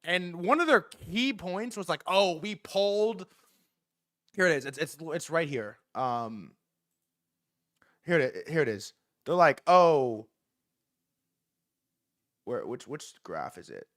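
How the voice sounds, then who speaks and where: A young man doing casual livestream commentary, excitable, swearing often, repeating himself and talking straight to his chat. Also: a little high, unhurried. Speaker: streamer reacting to news.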